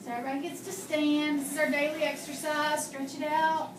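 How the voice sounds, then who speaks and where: A woman with a high, level voice speaks a little fast as she teaches a classroom phonics and handwriting lesson, patiently quizzing students and modeling sounds. The room is echoey, the mic sits far off, and there's a faint hum.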